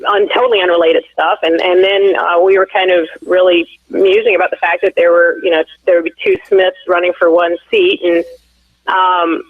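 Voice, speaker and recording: A woman's voice: on the low side, level tone, normal speed, no echo. Rambling woman on a tinny phone line. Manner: rambling, many fillers and restarts. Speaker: phone guest, candidate's wife. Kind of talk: casual storytelling on a call-in interview. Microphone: telephone.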